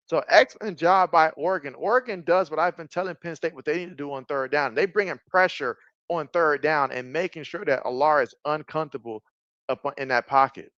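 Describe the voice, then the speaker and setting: A man's voice: fairly high pitch, moderate pace, no echo, highs cut off. Chatty male sports live-streamer. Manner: chatty, reads viewer comments aloud, bursts of excitement on plays. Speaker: sports streamer doing play-by-play and chat. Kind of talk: casual live-stream commentary.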